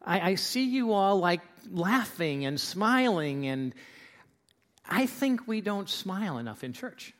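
A man's voice: sits high, slow. A man preaching as pastor, telling jokes to his church in a chatty, rambling storytelling manner. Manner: chatty storyteller, restarts and fillers, lively delivery. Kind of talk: joke-telling sermon.

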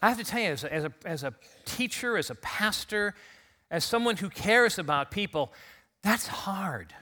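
A man's voice: high-pitched, expressive, moderate pace, pushed and bright. A man pastor giving an Easter sermon in a church, talking conversationally and leading the congregation in call-and-response after a recent illness. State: recovering from illness. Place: church sanctuary.

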